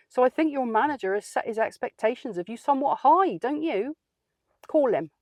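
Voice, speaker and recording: A woman's voice: a little high, darkish tone, no echo. A woman playing a feisty, outspoken older lady, telling a comic story in a dry, sardonic way. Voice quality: dry, plain-spoken and sardonic. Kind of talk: comic character monologue.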